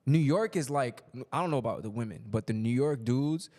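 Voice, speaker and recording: A man's voice: mid-range voice, lively intonation, brisk, dark tone. A man with a mid-range voice co-hosting a podcast. He reads out live chat comments and chats casually with his friends. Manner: reads out viewer comments, chatty. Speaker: podcast co-host reading chat.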